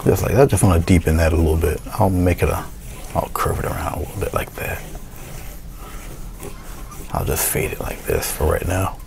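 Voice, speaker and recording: Low gravelly man teaching painting. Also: fairly quick, pauses often, a little hiss or hum. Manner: relaxed, talks to himself while working, thinks aloud. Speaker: painting instructor. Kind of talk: casual painting tutorial.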